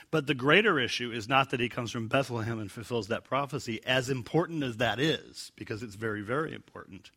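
A man teaches a Bible passage verse by verse in a bright, ringing voice. He jokes about his own gags and slips into lively put-on voices for the lines he quotes. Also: medium pitch, slightly rough.

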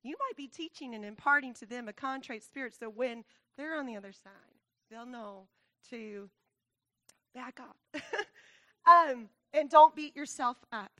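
A woman's voice: high-pitched, unhurried, fairly bright tone, no echo. A woman giving an earnest talk to a church congregation, laughing often and growing tearful at times. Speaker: church speaker.

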